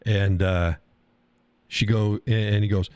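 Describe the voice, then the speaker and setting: Taking his time, a middle-aged American streamer spins a profane, casual rant of a story, doing impressions of the people in it and repeating words as he stumbles. The low, dark, mellow voice stays steady and smooth, and the close, dry recording has no room sound.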